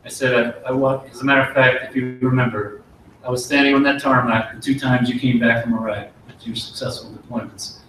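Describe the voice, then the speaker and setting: A middle-aged man, an army officer, giving an earnest promotion speech and telling a folksy story with pauses and restarts. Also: mid-range voice, steady tone, recorded from a distance, noisy background. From United States. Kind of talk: ceremony speech with war story. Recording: very echoey hall, voice from afar.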